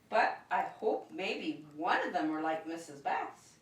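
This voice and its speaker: A preschool teacher with a lowish voice and big swings in pitch speaks a little slowly while leading an online circle time for young children at home. Her cheerful, sing-song delivery is recorded from a distance, off-mic in an echoey room.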